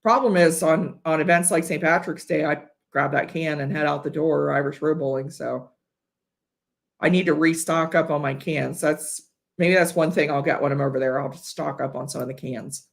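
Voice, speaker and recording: A woman's voice: sits low, fairly even intonation, moderate pace, vocal fry. A woman from Ohio hosts a casual live whiskey tasting from her home studio. She talks in a chatty, rambling way, full of fillers and restarts, and sounds a little tipsy. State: a bit tipsy. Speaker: whiskey livestream host. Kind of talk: casual live-stream chat.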